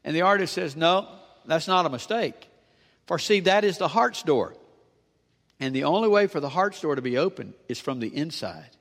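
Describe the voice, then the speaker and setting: High-voiced man preaching in a reverberant hall. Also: normal speed. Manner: animated preaching, rising and dropping emphatically. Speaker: pastor. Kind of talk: sermon. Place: church sanctuary with long reverb.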